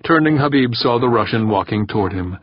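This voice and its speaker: A man reading a novel aloud in a steady, measured narration. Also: mid-range voice, no room sound. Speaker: audiobook narrator. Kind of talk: scripted narration. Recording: dull lo-fi dry recording.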